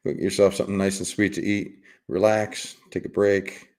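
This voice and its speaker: A man's voice: low-pitched, level tone, normal speed, a little mellow. A middle-aged man hosting a casual livestream, rambling and teasing his chat with frequent chuckles and repeated words. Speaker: livestream host reading chat.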